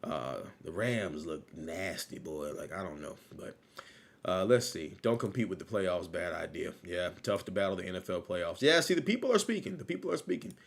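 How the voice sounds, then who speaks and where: A man's voice: low voice, lively intonation, moderate pace, vocal fry. Rambling man on a casual livestream. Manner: loose, rambling, repeats phrases, laughs easily. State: still low on energy after illness. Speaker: livestream host.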